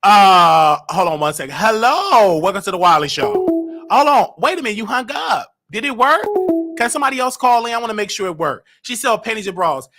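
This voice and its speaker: High bright-voiced man hosting a call-in show. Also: sing-song, fairly quick, soft background music. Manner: loud, teasing, swings to shouting. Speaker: live call-in show host. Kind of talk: casual call-in banter.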